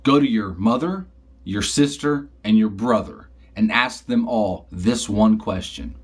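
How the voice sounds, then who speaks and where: A man voicing a middle-aged father who lectures his son deliberately. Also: fairly low pitch, lively intonation, slightly rough, voice pushed down. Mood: lecturing. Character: middle-aged father, wise-cracking dad.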